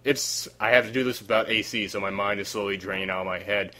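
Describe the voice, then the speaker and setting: A man's voice: lowish voice, fairly even intonation, quick pace, sharp tone. A man hosting a casual podcast, worn out with a sore voice, rambling and searching for words. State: tired, sore voice. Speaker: podcast host. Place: hot room without air conditioning.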